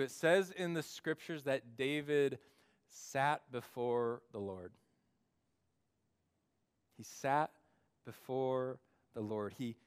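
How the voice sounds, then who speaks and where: A pastor preaches a sermon to his church, acting out the voices of those he quotes with big swings in pitch and loudness.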